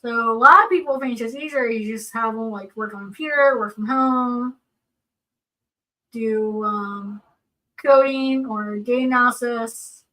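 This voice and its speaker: Bright high-voiced woman, distant mic. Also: a little slow. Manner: earnest, explanatory, gives personal examples. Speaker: seminar co-presenter. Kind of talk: casual panel talk.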